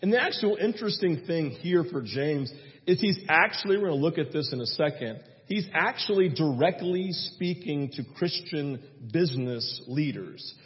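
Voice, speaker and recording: A young man preaching a sermon, telling a personal story with animated delivery and acting out his own prayers. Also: fairly high pitch, normal speed. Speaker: pastor. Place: church sanctuary. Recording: dull sound with long hall reverb.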